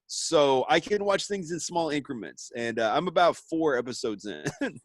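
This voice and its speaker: A man's voice: a little high, expressive, normal speed, no echo. A man co-hosting a casual podcast chat, rambling with stammering restarts and frequent laughs. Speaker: podcast co-host.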